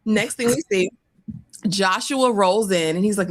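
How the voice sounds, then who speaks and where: A woman co-hosting a casual recap of a reality show, animated and acting out the cast's lines in put-on voices. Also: mid-range voice, unhurried. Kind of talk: casual recap chat with a co-host.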